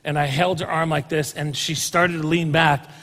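Man, pastor, sermon, bright forceful tone, long hall echo. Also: a little high, little pitch movement, normal speed. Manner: conversational, asks the congregation questions.

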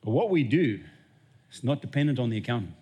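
A man's voice: medium pitch, sing-song, quick pace, darkish tone, slightly rough. A man preaching a sermon as lead pastor, telling stories and acting out little dialogues. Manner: storytelling, acts out dialogue with God.

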